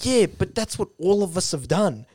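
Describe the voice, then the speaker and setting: A man's voice: high voice, very animated, moderate pace, darkish tone, no room sound, voice pushed down. A man voicing an indignant former footballer who accuses and scolds. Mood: accusing. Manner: accusing, exasperated.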